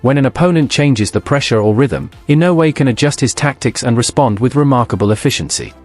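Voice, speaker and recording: A man reading formal, scripted sports narration in an even, measured manner. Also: mid-range voice, soft background music.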